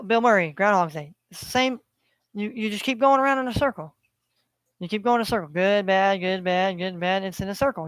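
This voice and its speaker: A man on a heated, preachy rant, swearing freely and circling back to the same phrases. His voice is smooth and resonant. The sound is close and dry, with no room around it. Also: high-pitched, a bit bright, no room sound. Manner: profane, preachy, repeats phrases. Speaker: vlogger. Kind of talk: ranting monologue.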